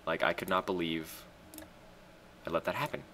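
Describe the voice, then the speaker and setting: A man talks through his own strategy game match in a casual, excitable way. His voice is lowish but bright and forceful, and he swears freely and breaks into sudden loud shouts. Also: moderate pace, a little hiss or hum.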